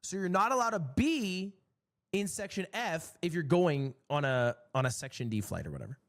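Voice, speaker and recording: A young man streamer telling a long, exasperated story in a casual, swearing, animated way. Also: a little high, normal speed.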